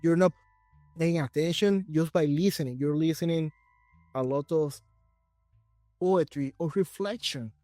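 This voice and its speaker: A man hosting an interview podcast, asking long questions in a halting way with restarts. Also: on the high side, mellow, no room sound, faint music behind. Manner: halting, restarts, searches for words. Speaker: podcast host.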